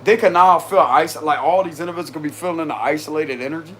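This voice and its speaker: Talking fast in a slightly high voice, a tarot reader chats to viewers over background noise. His casual reading is full of slang and frequent laughter.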